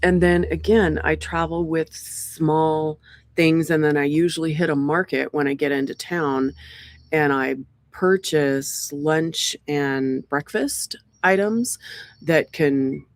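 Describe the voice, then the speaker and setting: A woman's voice: sits low, slow, no echo. Woman, community host, rambling casual chat, laptop mic on a porch, dry close sound. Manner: chatty, rambling, frequent ums and restarts. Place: outdoor porch among pines. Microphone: laptop microphone.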